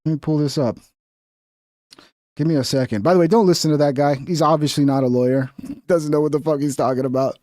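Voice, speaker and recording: A man's voice: on the high side, fairly even intonation, fairly quick, dark tone, dry recording, studio quality. A man streaming casual commentary on clips, blunt, profane and mocking as he rants.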